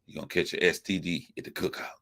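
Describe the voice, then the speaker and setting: A young man rants in a forceful, bright voice that sits a little low in pitch. He swears constantly and hammers his points by repeating them, in a loose, emphatic commentary style. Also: fairly even intonation, fast. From United States. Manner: profane, emphatic, repetitive. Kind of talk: ranting commentary.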